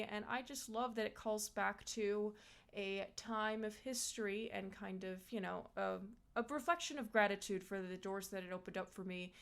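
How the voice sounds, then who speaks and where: A woman's voice: mid-range voice, gravelly. A woman voice actor talking casually and eagerly about her past roles, with many fillers. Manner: chatty and enthusiastic, many fillers.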